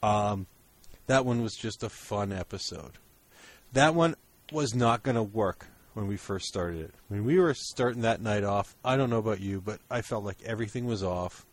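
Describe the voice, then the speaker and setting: A man's voice: fairly low pitch, moderate pace, no echo. Laughing man chatting about his show. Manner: laughs often, animated retelling of jokes. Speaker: podcast co-host. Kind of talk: casual chat.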